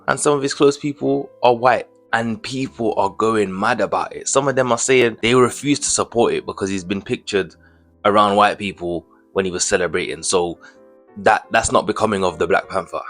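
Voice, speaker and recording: A man's voice: fairly low pitch, fairly bright tone. Indignant young man ranting to camera. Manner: indignant, full of rhetorical questions, slangy. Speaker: commentary vlogger. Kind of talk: casual commentary to camera.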